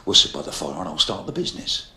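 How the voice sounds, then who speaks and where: A man's voice: a bass voice, big pitch swings, fast, noisy background. A London man in his fifties with a Cockney accent, doing a crude live stand-up routine and ribbing the crowd. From London, England. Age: 50s. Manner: brash, crude punchline delivery, heckling the crowd. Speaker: stand-up comedian. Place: large theatre stage. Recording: echoey hall, loud audience laughter, 1990s live video. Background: audience laughter.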